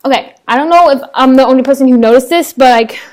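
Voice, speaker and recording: A young woman, chatting casually to her laptop webcam at home, rambling excitedly with lots of fillers and restarts. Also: high voice, fast. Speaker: vlogger reviewing a TV episode. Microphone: laptop webcam microphone.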